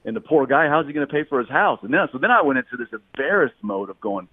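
A man's voice: mid-range voice, sing-song, fast talker, hardly any pauses, slightly rough, dry recording. A man talking candidly as a podcast guest, swearing often. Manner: candid, profane. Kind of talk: casual candid talk. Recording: tinny phone-like line, dry.

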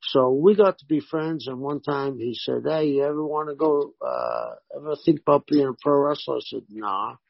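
Gravelly man telling wrestling stories. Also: fairly high pitch, moderate pace, hardly any pauses, no echo, highs cut off. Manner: animated anecdotes with voiced quotes. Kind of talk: casual storytelling interview.

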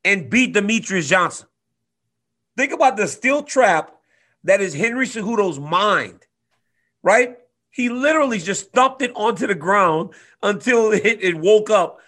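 A man in his twenties telling a story in casual chat, animated, swinging from loud to quiet. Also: sits high, unhurried. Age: 20s. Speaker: guest fighter.

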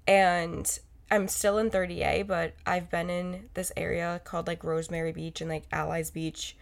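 A woman's voice: lowish voice, little pitch movement, normal speed, creaky. A woman co-hosting a podcast, chatting in a rambling, casual way and correcting herself as she goes. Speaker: podcast co-host. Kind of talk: casual chat.

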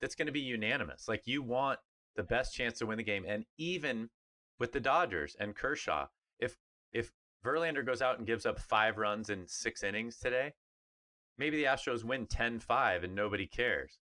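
A man's voice: medium pitch, moderate pace. A middle-aged man, a former pro player, co-hosting a sports podcast in casual, emphatic chat. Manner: animated, emphatic, mimics others in funny voices.

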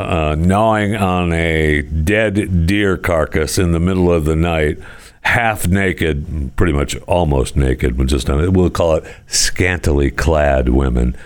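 A man hosting a casual talk show, rambling through odd news stories with sarcastic asides and frequent chuckles. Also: deep voice. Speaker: podcast host.

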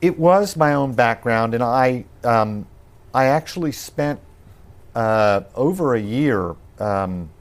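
A man being interviewed on a podcast, talking in a thoughtful, measured way with frequent pauses and restarts. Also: mid-range voice, lively intonation.

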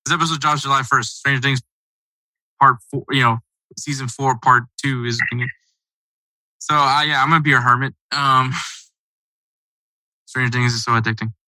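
A man's voice: medium pitch, steady tone, normal speed, long pauses, pushed and bright, no echo, poor audio. A man hosting a casual sports podcast, talking in a loose, rambling, conversational way. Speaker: podcast host.

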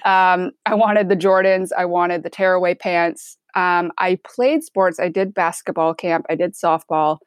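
Woman, half Midwestern accent, low voice, dry close sound, candid chatty interview guest. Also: measured pace, few pauses, smooth, no room sound. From Michigan. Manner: relaxed, candid, chatty with filler words. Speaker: chef guest. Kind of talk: casual interview chat.

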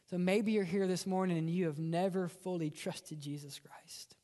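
A man's voice: high-pitched, steady tone, moderate pace, hardly any pauses, mellow, big-room sound. A man preaching a sermon as pastor, dramatic and often dropping to a whisper for emphasis. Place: church sanctuary.

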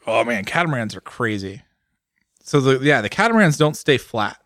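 A man's voice: mid-range voice, brisk, dry recording. Easygoing podcast guy musing and cracking jokes, dry close sound. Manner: relaxed, musing, jokey. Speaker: podcast co-host. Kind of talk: casual chat.

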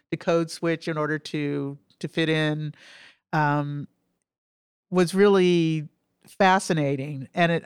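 A woman's voice: deep voice, smooth, dry recording, clean studio sound. Nasal-sounding woman discussing film. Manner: thoughtful, halting, many fillers. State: nasal from allergies. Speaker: film critic and essay author, guest.

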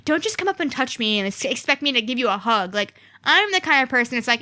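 Young woman guest on a podcast, high bright voice, talks fast, super chatty. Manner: chatty, animated, acts out quoted fans. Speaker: guest cosplayer. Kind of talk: casual podcast interview.

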